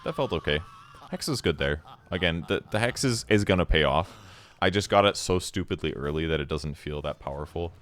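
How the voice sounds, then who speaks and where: A man giving casual replay commentary on his own game, relaxed and self-critical as he explains his choices. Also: low-pitched, brisk.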